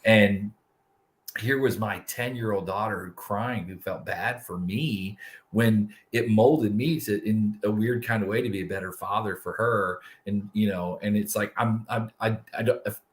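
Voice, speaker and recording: Middle-aged guy cohosting, lowish voice, candid and animated storytelling. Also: measured pace. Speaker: co-host. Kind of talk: casual live-show chat.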